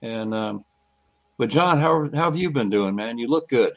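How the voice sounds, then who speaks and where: A man rambling warmly with many fillers in a casual online roundtable chat. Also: mid-range voice, expressive, moderate pace, no echo.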